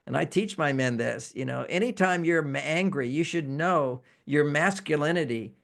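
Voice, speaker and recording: A man's voice: on the high side, moderate pace, vocal fry. A man who is a relationship expert, explaining emotions in an interview and acting out example phrases. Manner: animated, acts out example phrases in quotes.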